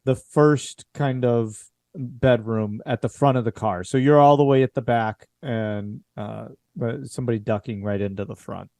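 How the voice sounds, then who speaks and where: A man's voice: medium pitch, steady tone, normal speed, vocal fry, dark tone, no echo. A man runs a horror tabletop game as game master. His narration is loose and full of fillers. The sound is dry and close.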